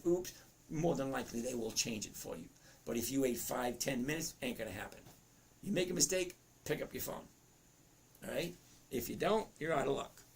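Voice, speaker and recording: Reading viewer comments aloud as he goes, this man in his fifties talks his way chattily through a live trading lesson, often cutting himself off. His cracking voice is a little high with vocal fry, and there's slight background noise.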